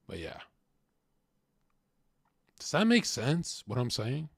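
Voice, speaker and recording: A young man talking casually in a crude, rambling storytelling monologue, swinging from loud outbursts to mumbled asides. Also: medium pitch, huge pitch swings, extremely slow, gravelly, slightly rough, dry recording, clean studio sound. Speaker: podcast host.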